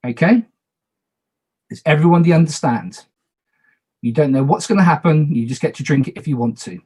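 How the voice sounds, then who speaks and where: A man's voice: a little high, normal speed, a little mellow, slightly rough. A man moderating an online party game on a video call, talking casually, repeating instructions and making self-deprecating asides.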